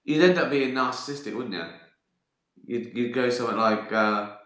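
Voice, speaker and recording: Middle-aged guy rambling and swearing on a live stream, bright voice, roomy echo. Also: medium pitch, moderate pace. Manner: sweary, rambling, laughs at his own stories. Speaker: livestream host answering viewer questions. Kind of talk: casual chat.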